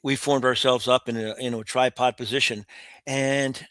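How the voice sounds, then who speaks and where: A man's voice: mid-range voice, fairly even intonation, moderate pace, a bit bright, no room sound. Older american guy telling war stories, blunt and rambling, dry close sound. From United States. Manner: vivid, blunt war storytelling with frequent restarts. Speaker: guest. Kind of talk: storytelling interview.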